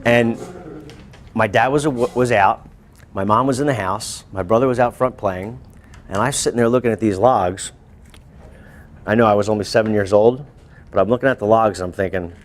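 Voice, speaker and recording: A male teacher telling a lively personal story to his students, breaking into shouts and laughter. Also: fairly low pitch, moderate pace, long pauses. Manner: animated, bursts into shouts and laughs while telling. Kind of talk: storytelling to a class.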